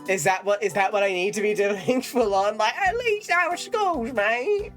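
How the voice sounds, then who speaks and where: British woman, young adult, lively pitch, game music behind, swearing streamer. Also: normal speed. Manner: sweary, laughing, animated. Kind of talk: casual game commentary.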